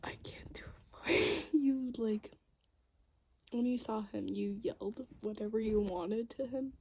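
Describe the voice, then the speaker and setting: A woman in a whispered role-play, speaking to the listener in a soft, mostly unvoiced whisper, rambling and hesitant with many fillers. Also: fairly high pitch, unhurried, breathy edge, low-quality recording.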